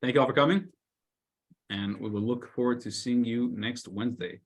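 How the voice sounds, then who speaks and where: A man, a rabbi, telling a story in a weekly Torah class, loudly acting out the scolding characters. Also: medium pitch, moderate pace, husky. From United States. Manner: animated storyteller, shouts the lines of scolding characters.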